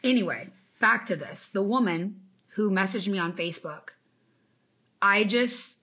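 A woman's voice: mid-range voice, a little slow, pushed and bright. A woman in her thirties, a business coach giving an emphatic, faith-infused motivational talk on a live stream and greeting viewers by name. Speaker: business coach and podcast host.

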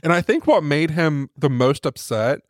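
In a slightly high, expressive voice at normal speed, a man co-hosting a podcast rambles through a casual story, voicing the lines of the people involved. There's no room sound, and the quality is studio-grade.

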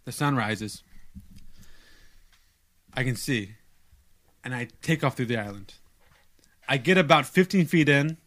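A young man casually telling a long story on a podcast, animated and self-mocking, stumbling over restarts. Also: medium pitch, a little slow, long pauses.

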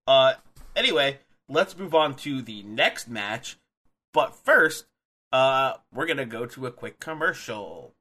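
A young man co-hosting a casual podcast, animated, laughing easily and often restarting his sentences. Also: medium pitch, slow pace. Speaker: podcast co-host.

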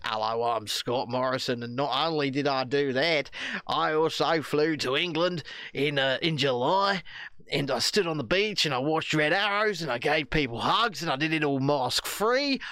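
A man's voice: a little high, moderate pace, sharp tone, dry recording, voice pushed down. A man doing a mocking impression of a brash male national leader bragging about himself. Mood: boastful. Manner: boastful mock confession.

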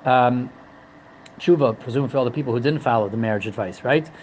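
A man's voice: mid-range voice, fairly quick, a little mellow, dull audio, a little hiss or hum. A man teaching a religious text, humorous and digressive, often repeating and restarting his phrases. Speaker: Torah teacher. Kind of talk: religious lesson.

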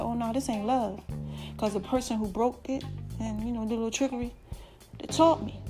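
A woman with a slightly high voice hosts her own podcast solo, chatting warmly with listeners and calling them child and baby. Her phrases swing between loud and soft.

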